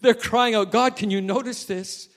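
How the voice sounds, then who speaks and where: Man, pastor, sermon, slightly high voice, dramatic shifts from hushed to loud. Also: fairly even intonation, moderate pace. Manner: dramatic swings from soft asides to loud emphatic quoting.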